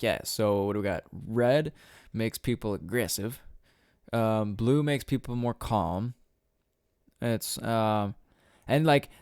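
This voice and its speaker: A man's voice: mid-range voice, darkish tone, smooth, dry recording, clean studio sound. A young man hosting a solo podcast, rambling casually, swearing often and laughing at his own jokes. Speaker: podcast host.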